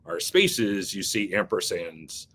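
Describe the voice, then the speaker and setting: With a deep, fairly bright voice, the man speaks at a slow pace in a casual interview as an agency leader. He is earnest but full of fillers and restarts.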